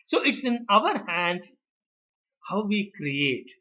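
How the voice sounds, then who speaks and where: A man's voice: high-pitched, slow pace. A middle-aged man, telling management stories and acting out the quoted voices. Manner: animated storyteller, acts out quoted voices. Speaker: speaker on management. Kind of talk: storytelling talk. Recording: dull lo-fi recording.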